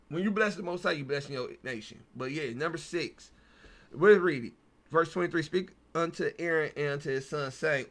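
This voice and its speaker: Slangy man reading scripture, bright voice. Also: on the high side. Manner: reads verses aloud, then riffs in loose slangy talk. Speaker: Bible study host. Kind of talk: casual scripture reading and commentary.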